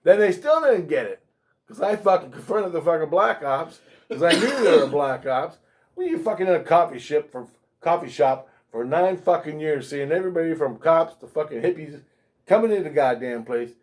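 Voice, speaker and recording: A man telling a story as an interview guest, profane and animated, swearing constantly. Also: a little high, moderate pace. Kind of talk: casual storytelling.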